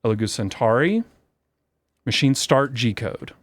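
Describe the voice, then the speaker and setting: A man hosting a casual tutorial vlog, talking fast through fillers, getting excited and joking about himself. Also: medium pitch, no room sound. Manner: excitable, self-deprecating, rambling with fillers. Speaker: maker video host. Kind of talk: casual screen-share tutorial.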